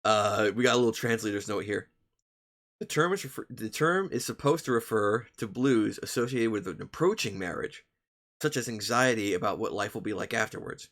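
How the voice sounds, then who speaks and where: A man's voice: lowish voice, a little fast, fairly bright tone. A young man streaming, reading a story aloud to his chat with profane, joking asides.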